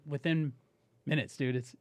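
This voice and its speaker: A man guest on a podcast, telling a story in a casual, animated way, swearing and saying "dude" often. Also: medium pitch, normal speed, no room sound.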